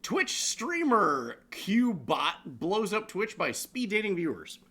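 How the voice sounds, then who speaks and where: A man's voice: high-pitched, takes it slowly. A man co-hosting a casual online news show, swearing, laughing and ranting about what he shows. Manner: animated, swearing, laughs often. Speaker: show co-host. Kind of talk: casual profane news commentary.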